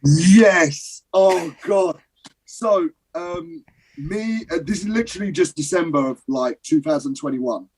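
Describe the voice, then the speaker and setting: Lively young British man telling stories. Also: a little high, slow pace, slightly rough, poor audio. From Britain. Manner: lively, swears casually, acts out scenes. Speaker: guest, professional wrestler. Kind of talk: animated anecdote telling.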